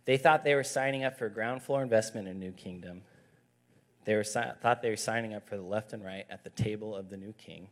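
A man in his thirties, a youth pastor, giving a conversational, emphatic sermon with stories. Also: fairly low pitch.

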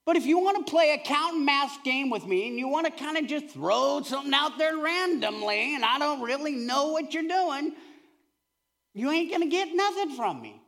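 A male pastor preaches with animated storytelling and a bright, forceful tone. His pitch rises and falls widely, and he swings from loud bursts to hushed asides. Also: normal speed, vocal fry. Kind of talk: sermon.

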